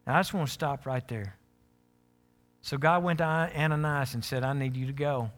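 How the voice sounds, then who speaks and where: A man preaching a sermon as pastor, animated, acting out the scripture characters he reads. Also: moderate pace, soft background music. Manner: animated, acts out scripture characters with rising pitch.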